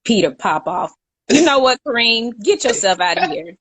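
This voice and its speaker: A young woman co-hosts a casual live chat in a slightly high, expressive voice that's a bit bright, speaking at a moderate pace. She's chatty, laughs a lot, and reads viewer comments aloud. The recording is dry.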